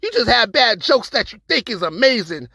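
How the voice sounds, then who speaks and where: A man's voice: very high-pitched, very animated, moderate pace, creaky, sharp tone, no echo. A man performing a battle rap verse with an aggressive, taunting delivery. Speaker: battle rapper.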